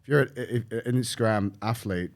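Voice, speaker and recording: A man chatting as a podcast guest, rambling and swearing, with lots of restarts and animated storytelling. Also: fairly low pitch, fairly quick. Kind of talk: casual podcast chat.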